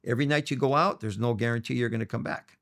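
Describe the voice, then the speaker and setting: Fast and gravelly at medium pitch, this middle-aged man from Los Angeles guests on an interview, telling animated stories and imitating the voices of people he quotes.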